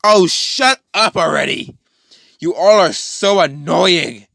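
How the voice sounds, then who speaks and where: A man voicing a manic male symbiote villain who shouts high, gleeful taunts, in a fan storytelling recording. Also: expressive, unhurried, dry recording, studio quality, heavily acted. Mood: irritated.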